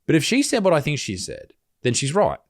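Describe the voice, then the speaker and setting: A man reacting to clips with blunt sarcasm. His pitch swings widely as he talks, and he sounds animated and quick to mock. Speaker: commentary host. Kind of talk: reaction commentary.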